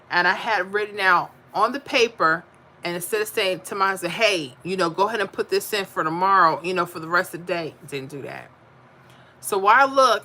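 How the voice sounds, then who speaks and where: Woman, crisp bright voice, casual livestream chat, reads comments and answers them. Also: mid-range voice. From Florida. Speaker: livestream host reading chat.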